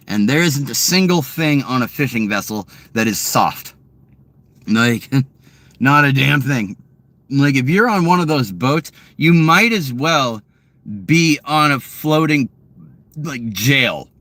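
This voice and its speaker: A man's voice: medium pitch, fairly bright tone, no room sound. Crude, rambling guy. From Massachusetts. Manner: crude, rambling, laughing, swearing. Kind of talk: casual chat to viewers.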